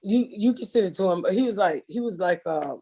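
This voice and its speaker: A woman's voice: medium pitch, animated, a little fast, mellow, slightly rough. A middle-aged woman, hosting a podcast and telling a comedic story with profanity, acting out both sides of a phone call. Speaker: podcast host.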